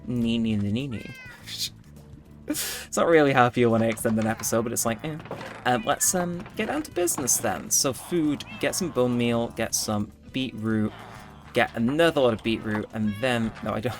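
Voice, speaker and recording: A man's voice: medium pitch, expressive, moderate pace. A man giving rambling, self-correcting commentary while playing a game. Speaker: gaming YouTuber. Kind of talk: casual gameplay commentary. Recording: faint background music.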